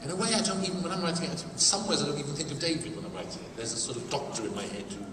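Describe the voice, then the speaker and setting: An animated man answers fan questions from a panel and laughs often, rising into loud bursts. He is picked up from a distance in a big reverberant hall. Steady background noise sits under his voice. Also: fairly high pitch, very fast. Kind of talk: casual convention panel answers. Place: large convention hall with an audience. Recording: echoey hall, distant mic, crowd noise.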